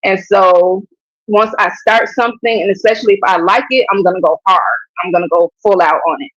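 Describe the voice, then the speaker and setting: A woman guest in a casual interview, talking in a calm, reflective, easygoing way. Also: medium pitch, fairly quick, no room sound, muffled recording. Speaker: YouTuber guest.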